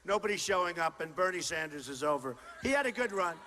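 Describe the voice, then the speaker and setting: With lively intonation and a quick pace, a political candidate delivers his rally speech over a stage microphone, his male voice high and bright. He shouts to the crowd often, speaking in punchy bursts that are boastful and repetitive. The recording, made in a large indoor university venue, has long hall reverb and faint crowd noise underneath.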